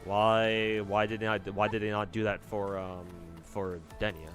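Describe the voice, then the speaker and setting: A man's voice: lowish voice, level tone, measured pace, a bit bright. A man streaming a game, thinking aloud in a rambling, casual way and swearing now and then. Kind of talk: casual gameplay commentary. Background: faint game music.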